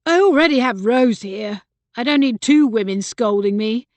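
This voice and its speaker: A woman reading an audiobook, putting on a troubled young brother full of resentment. He pushes his point hard and loudly, pitched a little high. The recording is dry and close. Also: animated, normal speed, dry recording, lightly acted. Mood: agitated. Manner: insistent, raising his voice. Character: bitter agitated young man, troubled brother. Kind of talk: audiobook character voice.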